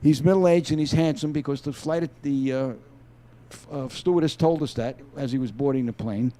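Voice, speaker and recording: Mellow-voiced man explaining at ease. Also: medium pitch, moderate pace. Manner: easygoing, explanatory, with frequent restarts. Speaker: author and former police detective. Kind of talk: interview guest, reading aloud from his novel. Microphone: video call.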